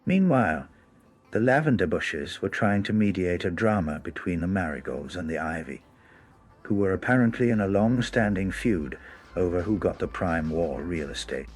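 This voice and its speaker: A man's voice: low voice, lively intonation, normal speed. A man telling a scripted first-person story as narrator, wry and amused.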